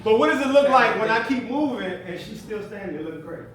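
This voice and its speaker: High, lively man telling stories in an echoey hall. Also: fast talker. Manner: playful, laughs often, acts out shouted quotes. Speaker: speaker at an event. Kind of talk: animated storytelling speech. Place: event hall with a live audience. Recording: echoey room from far off, noisy.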